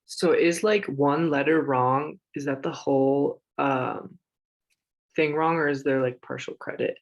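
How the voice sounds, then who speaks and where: A man's voice: mid-range voice, dull audio. A man student asking a hesitant question about grading in class. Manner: hesitant, halting phrasing.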